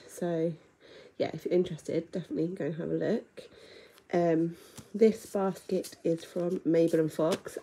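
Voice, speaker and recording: A young woman chatting casually at home in a vlog, with lots of ums and the odd soft whisper. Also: fairly low pitch, creaky, slight background noise. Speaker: vlogger. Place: home, indoors.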